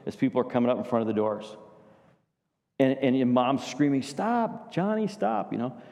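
A man's voice: medium pitch, steady tone, a little fast, darkish tone, in a large hall. A man preaching a sermon to his congregation, telling stories and asking them questions. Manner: storytelling, addresses congregation with questions. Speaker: pastor.

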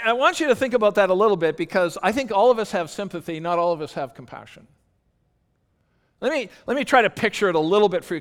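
Man, pastor, sermon, high voice, earnest, conversational, restarts, reverberant hall.

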